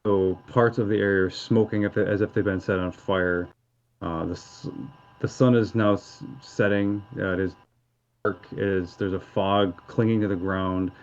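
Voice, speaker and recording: A man narrating a tabletop game as game master, halting and descriptive. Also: low voice, steady tone. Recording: dull lo-fi audio.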